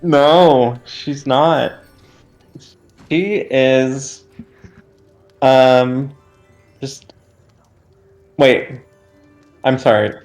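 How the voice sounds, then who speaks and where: Very slow, halting male player. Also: medium pitch, steady tone, darkish tone, faint music behind. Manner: halting, hesitant, many pauses. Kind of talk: playing a character in a tabletop game.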